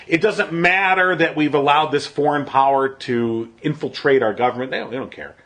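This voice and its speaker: Sarcastic, animated podcast man. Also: on the high side, moderate pace, few pauses. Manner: animated, sarcastic, acts out quotes. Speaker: podcast co-host. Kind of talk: casual political chat.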